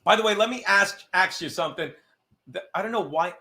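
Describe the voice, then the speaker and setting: Speaking a bit quickly and expressively, this streamer has a bright, high, forceful voice and curses constantly in casual talk. He wanders off mid-sentence to mess with his equipment, interrupting himself, and reads out messages from viewers.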